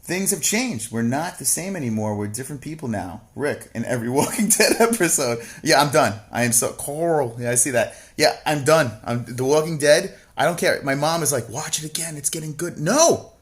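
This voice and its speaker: A man co-hosting a stream reads chat aloud and fires back unscripted answers, cursing almost nonstop and veering from sarcastic asides into loud, exasperated rants. His animated voice sits at an average male middle pitch, brisk and with few pauses.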